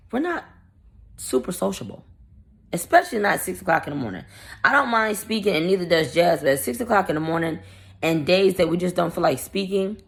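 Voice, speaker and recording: A woman vlogger casually telling a story in a blunt, profane, irritated way, acting out the quoted dialogue. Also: lowish voice. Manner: animated, acts out the quoted dialogue.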